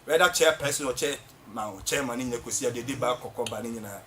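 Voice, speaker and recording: A Ghanaian man with a Ghanaian accent giving fiery political commentary on a talk show, scolding and often shouting for emphasis. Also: medium pitch, quick pace, noisy background. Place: radio or TV studio.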